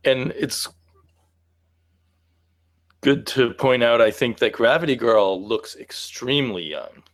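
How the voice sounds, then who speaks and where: A man's voice: mid-range voice, takes it slowly, no room sound. A man who is a guest on a podcast, offering his own interpretations in a casual comic book chat.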